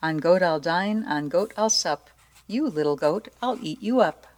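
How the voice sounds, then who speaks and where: A greedy, boastful troll under a bridge, as a woman storyteller puts him on, gleeful and full of rhymes. He sounds a touch low and soft, with an eager, bragging bite. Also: animated, a little slow.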